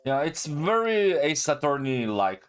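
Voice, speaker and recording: A man's voice: a little high, big pitch swings, measured pace. A man streaming a game, talking casually in a rambling way, full of fillers and the odd swear. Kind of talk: casual let's-play commentary. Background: faint game music.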